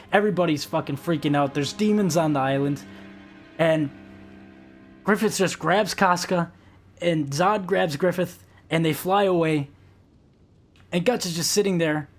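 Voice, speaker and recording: A young man streaming a game live, rambling and swearing as he vents to his chat. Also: fairly high pitch. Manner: rambling, profane, emotional venting.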